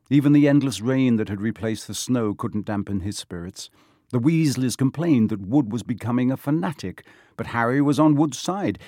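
A man reading a novel aloud as a narrator, measured and steady. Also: mid-range voice, no echo, clean studio sound. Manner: measured storytelling. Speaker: audiobook narrator. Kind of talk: scripted narration.

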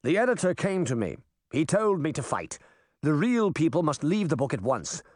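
Guy doing a gallant prince, rushed, pushy, slightly high. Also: very animated, a little mellow, dry recording, studio quality. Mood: urgent.

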